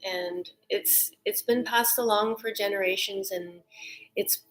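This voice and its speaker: A woman leading a guided breathing meditation, soft-spoken and calm, often drifting into whispers, then gently teaching. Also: medium pitch, unhurried, rough recording.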